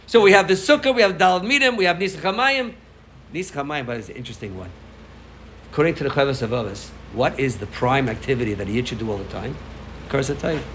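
A man, a rabbi, giving an informal sermon to his congregation, telling stories with loud emphasis and soft asides. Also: medium pitch, fast talker, a little hiss or hum, poor audio. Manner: animated storytelling, swings between loud emphasis and soft asides. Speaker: rabbi giving a farbrengen talk.

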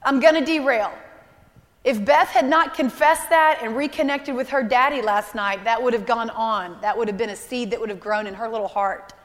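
A woman's voice: a little high, a little fast, hardly any pauses. A woman in her thirties preaching a sermon, emotional and earnest, repeating key phrases. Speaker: speaker at a church service. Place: large church hall. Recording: live hall with long reverb.

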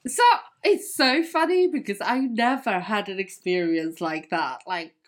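A woman hosting a casual podcast chat, speaking in a measured, reassuring way. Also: medium pitch. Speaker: podcast host, wholesale coach.

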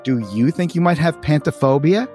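A man's voice: on the high side, moderate pace, a little mellow, soft background music, voice pushed up, close to an everyday voice. A man voicing a bossy little girl from a comic strip who plays psychiatrist, reading her lines aloud in a lecturing way. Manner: lecturing, know-it-all. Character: bossy girl cartoon character playing psychiatrist.

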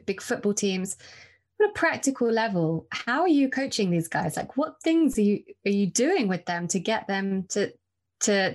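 A woman in her thirties hosting an interview, candid and chatty, getting animated when she tells a story. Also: medium pitch. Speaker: podcast host, interviewer. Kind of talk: conversational interview.

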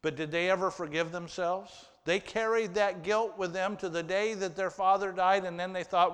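A man preaching a sermon and reading scripture aloud, slow and emphatic, with surges of intensity. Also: sits high, steady tone, a bit bright, clean tone. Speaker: pastor. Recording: reverberant hall.

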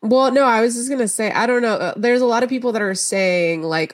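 A woman's voice: fairly high pitch, a little fast, dry recording. A woman co-hosting a podcast in casual chat, talking bluntly and animatedly and laughing between jokes. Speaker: podcast co-host.

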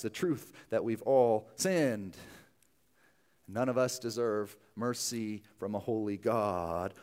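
A man's voice: fairly low pitch, darkish tone. Casting: young adult man, pastor, easygoing sermon delivery with plenty of asides. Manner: conversational, self-deprecating, many asides.

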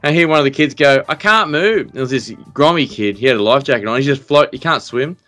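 A man's voice: mid-range voice, fast, fairly bright tone, faint music behind. An Australian man hosting a casual podcast chat, telling stories with many restarts and fillers. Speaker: podcast host.

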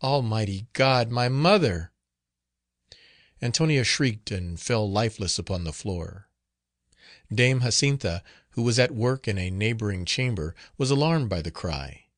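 A man narrating a gothic novel as an audiobook, reading in a measured, solemn manner. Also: on the low side, expressive, no room sound, studio quality.

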